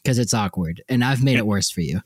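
A man's voice: fairly low pitch, animated, brisk, dry recording, studio quality. Joking, rambling male podcast co-host. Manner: joking, rambling, laughs often. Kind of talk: casual podcast banter.

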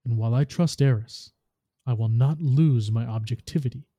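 A man reading the lines of a composed, authoritative woman leader who speaks with quiet authority. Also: mid-range voice, moderate pace, dry recording, studio quality, natural voice.

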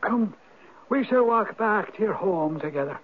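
An actor playing a mysterious old male spirit, a Viking turned Irish, in a 1970s radio drama. He speaks with an Irish accent in a husky, solemn and knowing way. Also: high voice, expressive, measured pace, a little hiss or hum. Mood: wise, teasing. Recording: narrow, tinny old radio broadcast.

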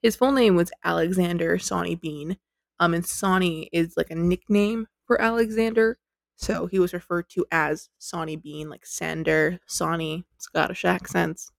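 A woman's voice: lowish voice, moderate pace, vocal fry, no room sound. A woman hosting a podcast, telling a story in a chatty, giggly, self-deprecating way into a close mic. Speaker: podcast host.

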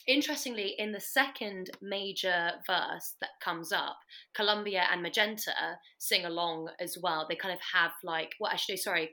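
A woman with a bright, forward tone and a fairly low pitch talks eagerly on a podcast. She piles up filler words and restarts mid-thought. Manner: enthusiastic, heavy use of "like", restarts. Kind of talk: casual chat.

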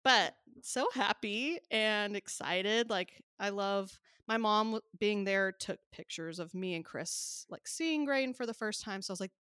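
A woman's voice: mid-range voice, measured pace, hardly any pauses, clear, resonant tone, no echo, studio quality. A woman in her thirties, a podcast co-host chatting casually and laughing easily. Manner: relaxed storyteller, laughs often. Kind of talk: casual chat.

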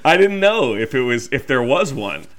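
A man's voice: medium pitch, sing-song, moderate pace, a bit bright. A man co-hosting a podcast, reading folklore facts in casual chat and following them with wry jokes. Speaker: podcast co-host.

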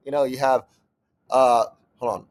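A man's voice: medium pitch, fairly even intonation, a little slow, a little mellow. A young man co-hosts a casual podcast in an ordinary middle voice. He reads out facts, then slides into cursing, exasperated rants. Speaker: podcast co-host. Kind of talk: casual chat.

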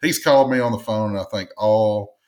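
Dude with a real low voice, stumbles over words, laughs a lot. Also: male voice, darkish tone. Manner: halting, repeats words, laughs easily. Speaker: podcast panelist. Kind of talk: casual chat.

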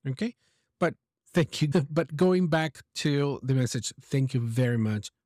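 A man's voice: mid-range voice, expressive, unhurried, a little mellow, dry recording, clean studio sound. A man hosting an English lesson, giving encouraging feedback on a listener's message and explaining pronunciation with examples. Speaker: English teacher and podcast host.

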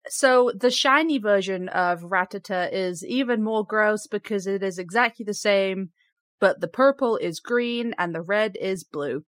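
A woman hosting a casual podcast, upbeat and quick to giggle as she reads out facts. Her voice sits at a middle pitch. The recording is dry and close. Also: fairly bright tone, no echo. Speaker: podcast host. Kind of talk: casual chat presenting facts.

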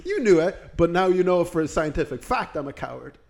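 A man's voice: fairly high pitch, sing-song, brisk, gravelly, darkish tone. An Irish man co-hosting a podcast, riffing in casual comic chat with profane, rambling talk. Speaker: podcast co-host.

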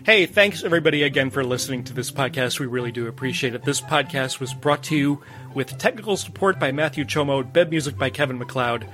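A man's voice: medium pitch, fast talker, pushed and bright, soft background music. A man hosting a podcast in a chatty, playful way, often laughing. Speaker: podcast host. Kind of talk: casual podcast chat.

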